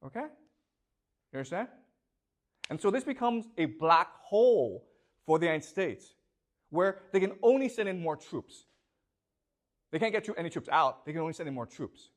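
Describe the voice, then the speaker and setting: A man's voice: on the high side, big pitch swings, normal speed, pauses often. A man lecturing a classroom, asking students questions and checking often whether they follow.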